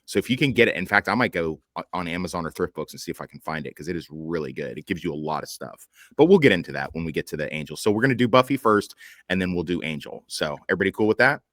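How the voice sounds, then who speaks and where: Male host, very low pitch, profane and joking, dry sound. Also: expressive, rapid-fire, a bit bright, dry recording. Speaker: podcast host. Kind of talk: casual group chat.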